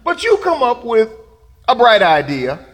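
A man's voice: very high voice, wildly swooping pitch, measured pace, fairly bright tone, big-room sound. A man preaching a sermon, laughing and making asides to the congregation. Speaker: pastor.

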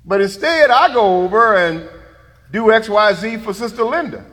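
Preacher guy, high animated voice, lots of laughs, big reverby church. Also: normal speed. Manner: lively preaching with laughter and asides. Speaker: pastor. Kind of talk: sermon.

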